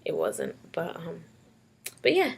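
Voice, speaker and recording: A woman's voice: on the low side, huge pitch swings, takes it slowly. A young woman with a London accent, telling personal memories in a casual vlog, tearful and laughing by turns. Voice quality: husky and gravelly. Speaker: vlogger. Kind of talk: emotional personal storytelling.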